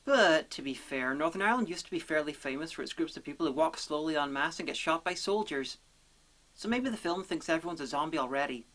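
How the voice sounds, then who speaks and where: A woman narrating a comedic film review in a sarcastic, deadpan, profane manner. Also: low voice, quick pace.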